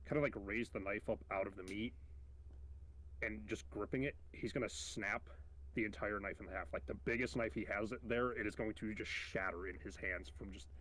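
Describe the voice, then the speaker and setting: Male player, low voice, deliberate narration, faint noise behind. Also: a bit bright. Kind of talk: describing his character's actions.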